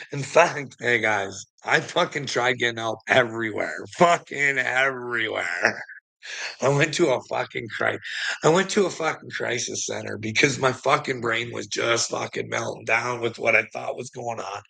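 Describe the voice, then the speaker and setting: A man's voice: medium pitch, vocal fry, bright, forceful tone, husky, low-quality recording. A middle-aged man rambles to his livestream chat, swearing constantly and laughing between sentences. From Canada.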